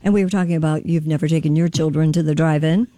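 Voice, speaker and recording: A woman's voice: low-pitched, fairly even intonation, fast talker, dark tone, no room sound, studio quality. A woman co-hosting a casual radio morning show, upbeat and reading out light news items. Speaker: radio co-host.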